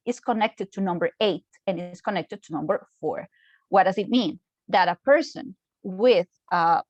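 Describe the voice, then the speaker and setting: Lecturing online in a conversational manner, a woman from Costa Rica, a native Spanish speaker with a Costa Rican accent, keeps asking "okay?" Her mid-range voice is recorded without echo, highs cut off.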